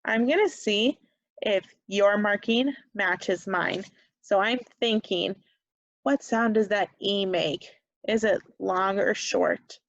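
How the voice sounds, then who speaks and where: A woman with a slight Upper Midwest American accent teaches children phonics at an unhurried, careful pace, pausing often for answers. Her voice sits at an ordinary middle pitch. The sound is dry and close, with the muffled, lo-fi quality of a webcam mic. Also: no echo. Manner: slow, patient, encouraging, leaves pauses for answers. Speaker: second grade teacher. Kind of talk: remote phonics lesson.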